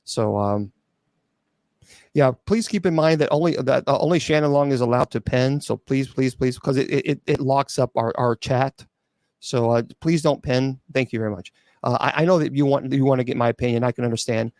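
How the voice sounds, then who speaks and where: A man's voice: medium pitch, normal speed, darkish tone, no room sound, studio quality. A celibate clergyman taking viewer questions on a livestream, blunt and sarcastic, with frequent restarts and stumbles.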